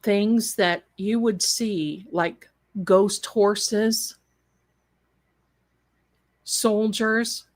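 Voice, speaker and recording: A woman from Tennessee, telling a story in a lively, laughing way on a live stream. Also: medium pitch. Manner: animated, laughing, quotes others in put-on voices. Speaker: storyteller guest.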